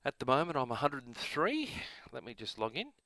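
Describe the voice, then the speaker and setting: A man's voice: mid-range voice, wildly swooping pitch, fairly quick, background noise. A man with an Australian accent, host of a gaming channel, telling a long rambling story in a casual, self-amused way.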